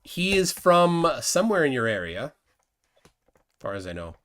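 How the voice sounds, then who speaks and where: A man's voice: a little high, big pitch swings, moderate pace, fairly bright tone. A man hosting a casual live stream, reading viewer comments aloud and questioning his guest. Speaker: host.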